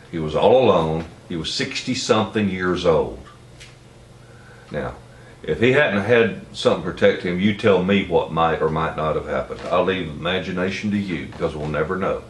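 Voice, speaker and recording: A man's voice: low-pitched, slight background noise. A middle-aged man with a Southern American accent, telling a rambling, blunt, folksy anecdote. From Tennessee. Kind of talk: casual spoken anecdote. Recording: roomy, distant mic, faint ambience.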